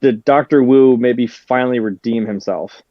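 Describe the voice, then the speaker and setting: A man's voice: medium pitch, moderate pace, slight background noise. A man on a movie discussion panel, chuckling and asking questions. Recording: dull lo-fi mic.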